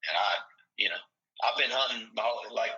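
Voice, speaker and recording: A man from Tennessee who coaches football spins long, folksy stories and acts out what people said. His voice sits a bit low yet sounds sharp and forceful. The recording is dull and lo-fi. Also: a little fast. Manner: folksy, animated storyteller acting out quotes. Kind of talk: casual storytelling chat.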